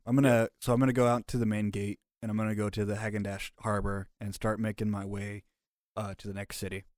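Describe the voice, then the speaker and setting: A man's voice: lowish voice, flat delivery, quick pace, a little mellow, no echo. Brief: man, casual hesitant tabletop player, dry close recording.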